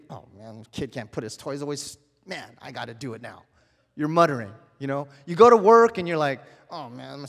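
Conversational male pastor preaching in a hall. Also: on the high side. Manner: conversational preaching with repeated rhetorical questions. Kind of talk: sermon.

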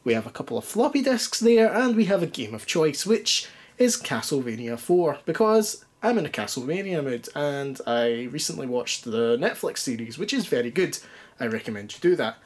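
Speaking at a moderate pace in a slightly high voice with big pitch swings, a retro gaming YouTuber walks through a gadget demo. He rambles, stutters a little, seems somewhat anxious, and keeps restarting with lots of ums while putting himself down.

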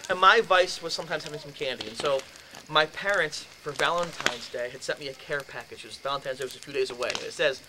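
Animated man telling a story, noisy recording. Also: a little high, fast talker. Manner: animated storyteller acting out dialogue. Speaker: lecturer. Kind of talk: storytelling lecture. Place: lecture room.

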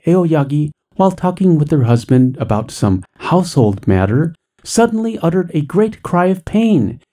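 Male narrator, ghost story reading, measured and dramatic, dark mellow voice, mid pitch. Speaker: story reader.

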